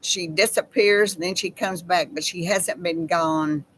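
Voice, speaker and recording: A woman's voice: fairly low pitch, steady tone, slight background noise, rough recording. A woman hosts a casual chat with her viewers and reads aloud in a heartfelt, emotional way. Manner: slow, heartfelt, emotional reading. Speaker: channel host.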